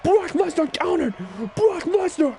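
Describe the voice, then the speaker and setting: A man doing excitable play-by-play commentary on a wrestling video game, often breaking into shouted exclamations. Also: extremely high pitch, measured pace, music in the background. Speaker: gaming channel host.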